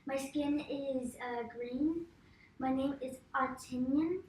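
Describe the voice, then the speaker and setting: Woman player, high soft voice, unsure, far from mic in echoey room. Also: takes it slowly, heavy background noise. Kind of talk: describing a tabletop character. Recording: distant from mic, roomy echo.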